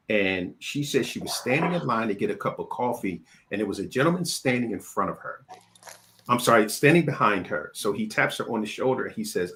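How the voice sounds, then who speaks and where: Low-voiced man hosting a casual interview. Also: fairly bright tone. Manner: storytelling, repeats words when starting sentences. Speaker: interview host.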